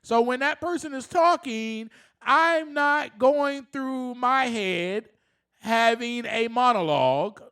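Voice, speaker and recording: A man's voice: very high-pitched, lively intonation, takes it slowly, a bit bright, smooth. A man hosting a solo self-help podcast, speaking earnestly, often laughing, and rising to passionate emphasis. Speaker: podcast host.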